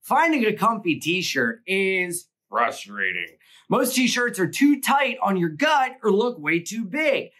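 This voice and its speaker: A man reading a sponsor ad on his own podcast, making the pitch goofy and jokey. His pitch rises and falls widely through the read. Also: big pitch swings, slow, a bit bright. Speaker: podcast host. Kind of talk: comedic ad read.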